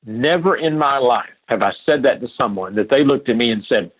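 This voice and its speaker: An older man with a husky, breathy voice that comes through a thin, phone-like line. He speaks earnestly and with emphasis, repeating key phrases as he tells personal stories in an interview. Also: mid-range voice, expressive, a little fast, hardly any pauses. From Appalachia. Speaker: podcast guest. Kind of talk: storytelling interview talk.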